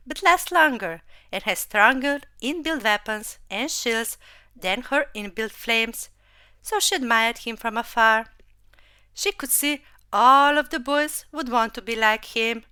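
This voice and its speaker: A woman narrating a story about robots in a slow, gentle storytelling manner, close to the mic. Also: a little high, smooth, no room sound.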